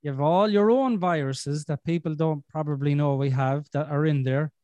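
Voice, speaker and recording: A man's voice: a little high, normal speed, mellow, dry recording, lo-fi sound. A man hosting a podcast in casual chat, blunt and sweary with a self-deprecating streak. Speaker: podcast host.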